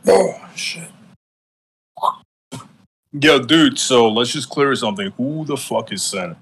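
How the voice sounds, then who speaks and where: A man's voice: mid-range voice, lively intonation, slow, fairly bright tone, breathy edge. A man hosting a podcast who talks bluntly and profanely, full of "like" and "dude", while smoking. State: high. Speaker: podcast host. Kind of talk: casual chat.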